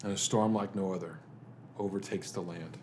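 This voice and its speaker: A man, a pastor, delivering a dramatic sermon full of rhetorical questions, swinging between emphatic lines and hushed ones. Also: deep voice, steady tone, normal speed, a little hiss or hum. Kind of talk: dramatic Good Friday sermon.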